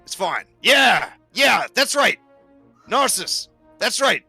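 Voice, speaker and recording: Guy putting on a loud sneery rival dude, higher than his own voice, bright edge. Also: sing-song, slow pace, vocal fry, breathy edge, dry recording, soft background music, heavily acted. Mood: scornful. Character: scornful jealous rival man.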